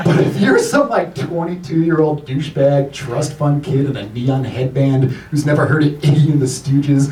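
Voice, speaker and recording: A man's voice: a little high, moderate pace, few pauses, mellow. A man doing a loose, profane stand-up set in a comedy club, laughing through his lines and working the crowd. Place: comedy club stage with an audience. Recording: roomy club recording from far off with crowd.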